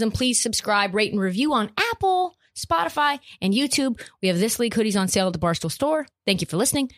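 Animated, profane woman podcast host. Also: mid-range voice. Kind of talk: casual sports podcast rant.

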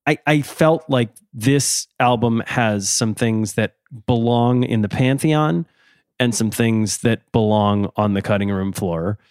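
A man's voice: medium pitch, slow pace, a little mellow, clear, resonant tone, no room sound, studio quality. Earnest man in casual podcast chat. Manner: earnest, thoughtful, easily laughing. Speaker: podcast co-host. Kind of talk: casual chat reviewing music.

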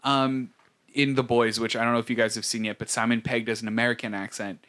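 A man's voice: mid-range voice, little pitch movement, fast talker, fairly bright tone. A man co-hosting a podcast, casually chatting and asking his co-hosts questions in a thoughtful way. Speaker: podcast co-host. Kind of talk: casual chat.

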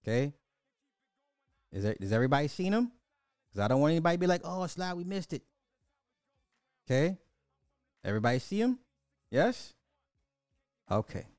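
A man hosting a casual livestream, reading chat questions in an animated, slangy way with lots of repetition and swearing. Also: mid-range voice, a little fast, long pauses, dry recording, clean studio sound.

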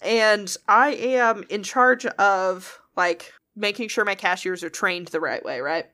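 A woman casually telling funny work stories, animated and swearing freely. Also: medium pitch, takes it slowly. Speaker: podcast co-host. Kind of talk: casual storytelling chat.

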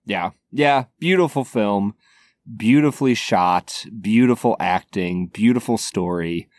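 A man's voice: fairly low pitch, a little slow, dry recording. A man co-hosting a podcast, talking easily about films and laughing often. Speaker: podcast co-host. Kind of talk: casual chat about films.

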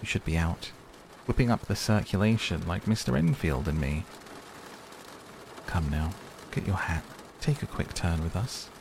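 A man doing a concerned lawyer, low gravelly voice, rain in the background. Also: moderate pace, background noise. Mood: coaxing. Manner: earnest, concerned. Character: worried middle-aged male lawyer. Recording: steady rain sounds behind.

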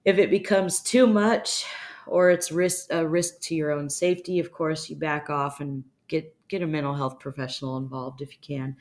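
A woman hosting an advice show, speaking bluntly and calmly, with casual swearing, as she answers a listener's question. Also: low-pitched, normal speed. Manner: calm, steady, instructive. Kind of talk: advice monologue.

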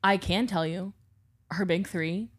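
A young woman co-hosting a podcast, chatting casually and telling animated stories, acting out the people she quotes and swearing freely. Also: on the low side, a little slow, breathy edge. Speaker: podcast co-host. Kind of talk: casual chat.

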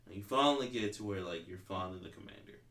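A man's voice: deep voice, fast talker, fairly bright tone. A man hosting a podcast in casual chat, rambling and swearing, leaning on "like" as filler. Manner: rambling, profane, heavy use of "like". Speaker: podcast host. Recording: roomy echo.

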